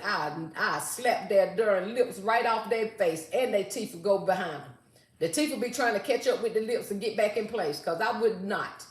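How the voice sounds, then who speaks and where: An older woman, hosting a casual live stream and chatting sassily with viewers, reading their comments aloud. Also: medium pitch. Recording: roomy echo.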